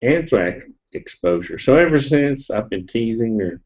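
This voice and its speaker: A man's voice: mid-range voice, lively intonation, unhurried, darkish tone. Sniffly, rambling man on a lo-fi stream. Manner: rambling and jokey, with fillers and laughs. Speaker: live-stream vlogger. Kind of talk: casual storytelling to a live audience. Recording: dull lo-fi webcam audio.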